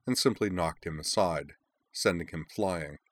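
A man narrates a fantasy audiobook with measured, expressive storytelling. His voice sits very low. The recording is dry and close. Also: dry recording.

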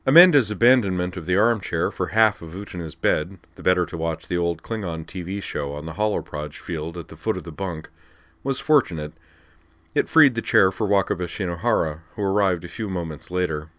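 A man reading a story aloud in an even, measured way. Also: deep voice, no room sound. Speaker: narrator. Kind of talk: audiobook narration.

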